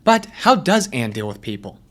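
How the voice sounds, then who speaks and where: A man's voice: medium pitch, very animated, moderate pace, a bit bright. A man hosting a casual commentary video, chatty and asking himself rhetorical questions. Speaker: YouTube host, personality typing commentator. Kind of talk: casual commentary over clips.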